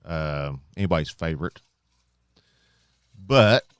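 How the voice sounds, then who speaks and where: A man's voice: extremely low pitch, lively intonation, takes it slowly, clean tone, no echo, studio quality. A man co-hosting a casual chat with friends, joking around. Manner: joking, vocalizes guitar and drum sounds. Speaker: podcast co-host.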